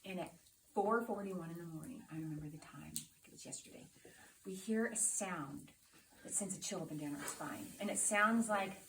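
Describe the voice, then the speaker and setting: A middle-aged woman telling a personal story to a live audience, lively, acting out the people and sounds in it. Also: fairly low pitch, moderate pace, slight background noise. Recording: roomy sound from a distant mic.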